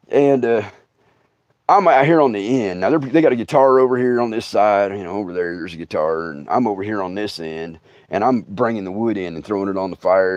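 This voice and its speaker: A middle-aged man, hosting a comic storytelling livestream, laughing through his tale and breaking into loud outbursts. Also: fairly low pitch, no echo. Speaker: comedian host. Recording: dull, dry sound.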